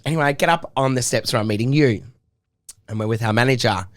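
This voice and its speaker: A man co-hosting a podcast, telling a story in an animated, dramatic way. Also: medium pitch, fast talker. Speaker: podcast co-host. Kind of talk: casual storytelling chat.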